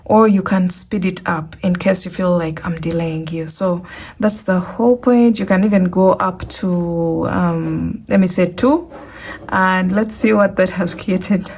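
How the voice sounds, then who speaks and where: A woman's voice: on the low side, steady tone, measured pace, darkish tone, a little hiss or hum. A woman hosting a crochet tutorial, talking casually and walking through each step, often repeating herself. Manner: chatty, repeats instructions.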